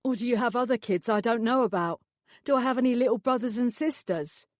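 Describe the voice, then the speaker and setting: An angry young man snaps and snarls with bitter hostility, as a woman reads him in an audiobook. He speaks a little high, in a dry, close recording. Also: fairly quick, no room sound, natural voice. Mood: resentful.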